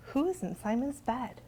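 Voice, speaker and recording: Slow, high-voiced librarian reading to kids. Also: female voice, slight background noise. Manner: expressive, sing-song, talks to young listeners. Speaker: children's librarian. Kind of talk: reading a picture book aloud to children.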